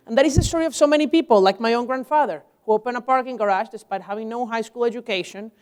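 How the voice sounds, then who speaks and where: Young man telling stories animatedly. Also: sits high. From Venezuela. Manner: animated storytelling, frequent restarts. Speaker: guest speaker. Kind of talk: public lecture. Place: lecture hall.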